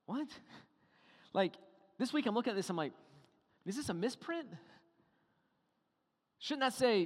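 A man preaching a sermon, animated, firing rhetorical questions and acting out little dialogues. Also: very high-pitched, a little slow, pauses often, in a large hall. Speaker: pastor.

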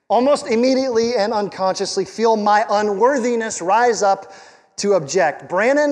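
This pastor's voice sits high and carries through a large hall. He delivers his sermon in a talky yet forceful manner, posing rhetorical questions and doubling up words to drive points home.

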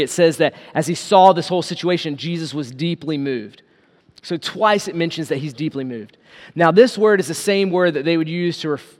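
A man preaches to his church, retelling scripture with lively paraphrased quotes. His voice sits high for a man. The hall rings with a long reverb behind him. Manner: animated, acts out quotes in paraphrase. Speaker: pastor. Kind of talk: sermon.

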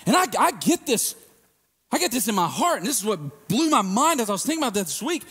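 A man preaching a sermon in a casual, emphatic way, swinging from hushed lines to shouted ones. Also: very high-pitched, very animated, fast talker, slightly rough, big-room sound.

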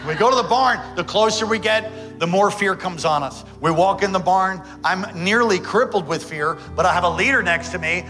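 A man, a pastor, telling a dramatic story in a sermon, swinging between loud excitement and hushed tones. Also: high voice, normal speed, hardly any pauses, faint music behind.

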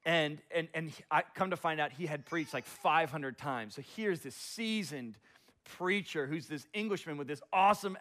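Male pastor, sermon, lively self-deprecating storyteller, fairly high voice.

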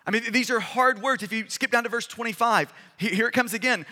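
A man's voice: extremely high pitch, brisk, hardly any pauses, pushed and bright. A male pastor preaching a sermon, reading scripture with emphatic, dramatic delivery. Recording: long hall reverb.

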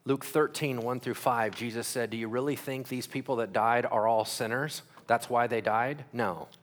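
A man preaching a sermon as pastor, asking the crowd questions and acting out quick voices. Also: mid-range voice, fairly even intonation.

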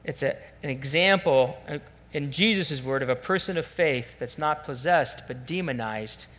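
A man preaching a sermon as pastor, animated and acting out the voices he quotes. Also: on the high side, normal speed. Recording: long church hall reverb.

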